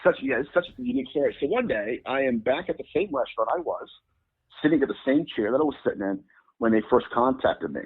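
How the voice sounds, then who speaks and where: A man telling a story as an interview guest, acting out the people in it with sudden jumps in pitch. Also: big pitch swings, quick pace, gravelly, slightly rough. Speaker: guest demonologist. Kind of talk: animated storytelling. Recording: phone-like lo-fi audio.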